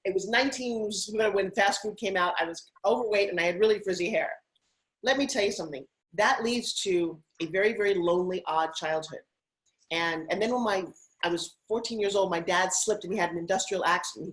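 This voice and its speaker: A middle-aged woman from Long Island, talking as an interview guest in an upbeat, animated, persuasive way about her own story. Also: mid-range voice, a little fast, low-quality recording. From Long Island, United States. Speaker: guest, TV host and spokesperson. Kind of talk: motivational interview talk.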